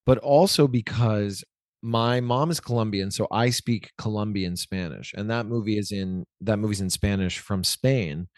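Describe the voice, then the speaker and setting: A man's voice: fairly low pitch, moderate pace, darkish tone, no room sound, studio quality. A man in his forties chatting as an interview guest, rambling and correcting himself with lots of likes. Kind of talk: casual interview chat.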